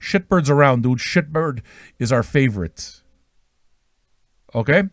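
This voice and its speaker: A man's voice: medium pitch, expressive, measured pace, dry recording, studio quality. Crude joking male livestream host. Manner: joking, self-mocking, crude. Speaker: online radio host. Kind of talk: profane, rambling livestream banter.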